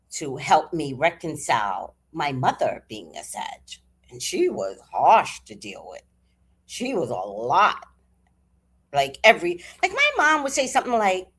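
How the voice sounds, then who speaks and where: Older female host, casual chat, slow drawl, extremely lively pitch, animated and profane. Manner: animated, laughing, salty-tongued storyteller. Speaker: livestream host.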